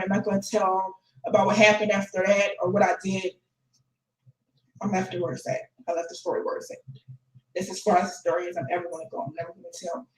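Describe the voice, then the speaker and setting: Flippant teenage girl in an echoey room. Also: mid-range voice. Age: late teens. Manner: flippant, laughing between sentences. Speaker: vlogger. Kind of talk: casual confessional vlog.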